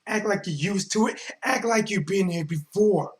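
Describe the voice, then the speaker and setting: A man hosting a casual sports live stream, talking in animated, slangy bursts that swing between mumbling and shouting. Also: sits high, moderate pace. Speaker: sports vlog host.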